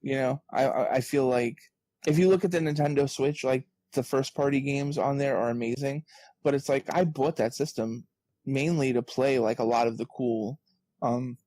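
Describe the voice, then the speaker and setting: Man, podcast guest, casual chat, animated storytelling, dry recording. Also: mid-range voice, moderate pace, no echo. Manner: animated storyteller, acts out quoted exchanges. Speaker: interview guest, author.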